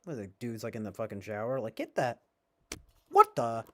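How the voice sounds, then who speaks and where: A man's voice: mid-range voice, huge pitch swings, normal speed, a little mellow, a little hiss or hum. Young male streamer, loose rambling delivery, profane and joking. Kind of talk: casual livestream chat with strangers.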